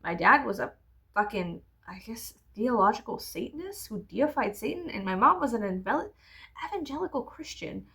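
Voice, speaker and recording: A woman's voice: on the high side, lively intonation, normal speed, gravelly, sharp tone. A woman in her thirties telling a rambling, profane, sarcastic story-time vlog while doing her makeup. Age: 30s. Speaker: vlogger.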